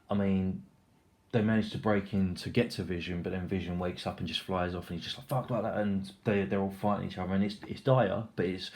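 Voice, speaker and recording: A young man giving a casual, rambling film review, excitable and full of swearing and filler words. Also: low voice, creaky.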